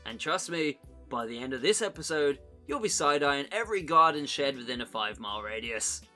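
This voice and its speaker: A man hosting a comedy podcast, jokey and energetic, with dramatic storytelling pauses. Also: medium pitch, soft background music. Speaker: podcast host.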